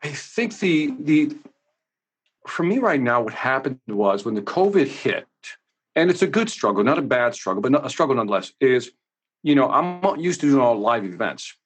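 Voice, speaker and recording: A man's voice: medium pitch, big pitch swings, moderate pace, breathy edge. A man from the United States, a sales coach talking energetically with emphatic asides in a casual podcast interview.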